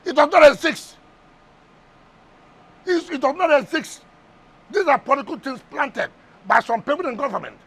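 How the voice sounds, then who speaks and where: A man's voice: very high voice, normal speed, vocal fry, pauses often, fairly bright tone. A man with a Nigerian English accent, a politician guest on a heated TV interview, firing rhetorical questions and repeating words for emphasis.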